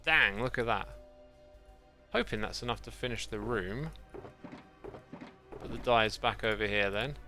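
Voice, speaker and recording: A man chats to his livestream audience while playing, thinking aloud and drifting off on tangents. His voice has a bright, forward edge, and soft music plays quietly behind him. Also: on the low side, measured pace, long pauses. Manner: rambling, thinks aloud, thanks chat. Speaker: game streamer. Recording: faint background music.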